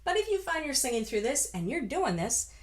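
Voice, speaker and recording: High-pitched, very animated, and a little fast, this woman is a vocal coach from the United States. Her singing lesson is chatty and encouraging, punctuated by full-voiced sung demonstrations.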